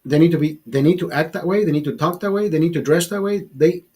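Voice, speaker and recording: A man's voice: a little high, quick pace, mellow, husky. Blunt, cussing fifty-year-old man. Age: 50s. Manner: blunt and profane, repeats himself. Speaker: vlogger. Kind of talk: casual ranting monologue.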